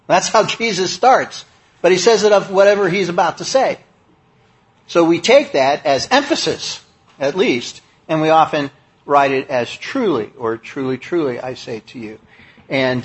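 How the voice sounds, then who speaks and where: A man's voice: on the high side, lively intonation, moderate pace, husky. A man preaching a sermon, speaking in a conversational, emphatic way with many fillers and restarts.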